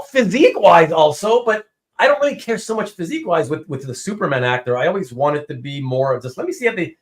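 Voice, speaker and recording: A man hosting a casual live-stream chat, reading out viewer comments and talking in halting bursts full of ums and restarts. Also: on the high side.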